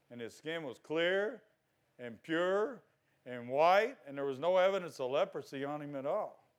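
A man preaching a sermon, asking his congregation questions and swinging from loud exhortation to quiet asides. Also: a little high.

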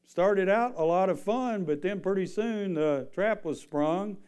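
A man's voice: sits high, a little slow, darkish tone, clear, resonant tone. A man preaching a sermon, reading scripture and then building to an impassioned appeal. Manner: reads scripture, then preaches with rising intensity.

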